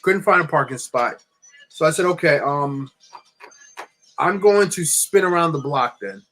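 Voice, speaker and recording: Young guy, slightly higher voice, casual storyteller who rambles and restarts, soft music under. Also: measured pace. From New Jersey. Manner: rambling, animated anecdote with many restarts. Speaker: LEGO builder streaming. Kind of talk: casual storytelling while building.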